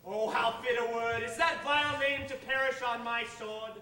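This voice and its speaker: A man's voice: very high-pitched, fairly even intonation, normal speed, pushed and bright, a little hiss or hum, full character voice. A man playing a young, impetuous Athenian nobleman, earnestly declaiming verse on a stage. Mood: ardent. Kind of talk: stage play performance. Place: theater stage. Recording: echoey stage from far off.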